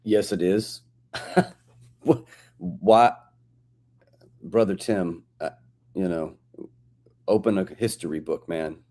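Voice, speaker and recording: A male pastor with a lowish voice joins a livestream talk. He speaks in a blunt, emphatic way. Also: takes it slowly, long pauses, warm tone. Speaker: guest pastor. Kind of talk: livestream discussion.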